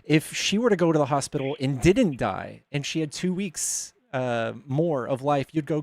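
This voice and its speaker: A man's voice: a little high, lively intonation, normal speed, a little mellow, dry recording. Blunt sarcastic male host, dry mic. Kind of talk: debate with a caller.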